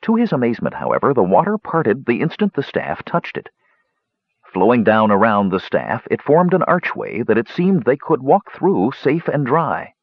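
Guy reading a fantasy audiobook, dull dry recording, expressive. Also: mid-range voice, normal speed, breathy edge, no echo. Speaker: audiobook narrator. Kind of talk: dramatic fantasy audiobook narration.

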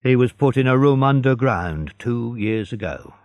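A man's voice: medium pitch, animated, moderate pace, darkish tone, no room sound, pitched above the performer's own voice, close to an everyday voice. A man voicing a blunt, weary male prison guard with a brusque, matter-of-fact manner.

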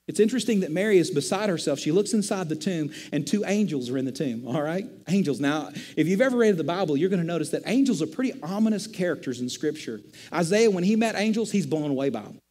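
A middle-aged man, a pastor, preaching a sermon in a conversational, animated storytelling manner. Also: a little high, fast, big-room sound.

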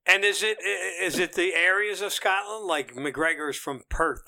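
A man's voice: high-pitched, a little slow, gravelly, sharp tone. A man on a podcast, asking questions in casual chat. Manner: inquisitive. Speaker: podcast co-host.

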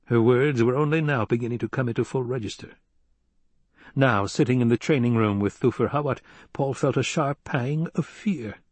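A man narrating an audiobook in a calm, even storytelling manner. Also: medium pitch, husky, no echo. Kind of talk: scripted narration.

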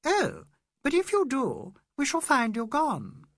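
A man voicing an earnest, flustered young Englishwoman, pitched high and drawn out, in a storybook reading. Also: huge pitch swings, unhurried, fairly bright tone, dry recording, studio quality, full character voice. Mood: eager.

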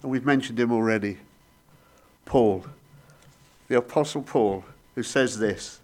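A man preaching a sermon, telling stories with sudden rises and soft, hushed drops. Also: mid-range voice, animated, moderate pace.

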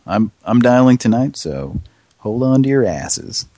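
A man co-hosting a comedic mock radio show, drawling and deadpan, often laughing at the jokes. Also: mid-range voice, unhurried, no echo.

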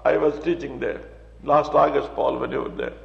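An older man preaching a sermon, rising loud and high when he quotes scripture. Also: fairly even intonation, normal speed, creaky. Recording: echoey hall, dull lo-fi sound.

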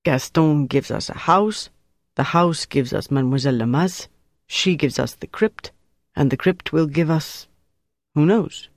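A reader doing a coolly menacing German officer. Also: male voice, fairly high pitch, expressive, moderate pace, vocal fry, darkish tone, dry recording. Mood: cold, measured. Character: cold, calculating German officer interrogating a prisoner.

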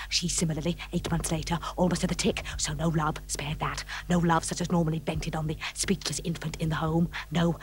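A woman's voice: on the low side, slight background noise, close to an everyday voice. A woman performing a frantic old woman who pours out a broken, repeating stage monologue. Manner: rapid, fragmented, repeating phrases.

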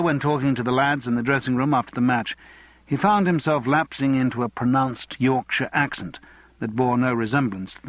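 Husky male audiobook narrator. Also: medium pitch, no echo, muffled recording.

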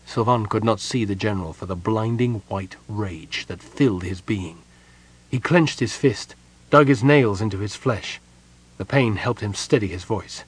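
A male audiobook narrator reads a fantasy novel with steady, even storytelling. His voice sits on the low side with a husky grain. The delivery stays composed throughout. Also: unhurried, dry recording. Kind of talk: scripted narration.

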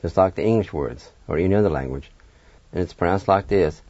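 A man's voice: low voice, fairly quick, darkish tone, dry recording. A man teaching a radio language lesson, patiently spelling words letter by letter and encouraging learners. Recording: dull, dry lo-fi radio sound.

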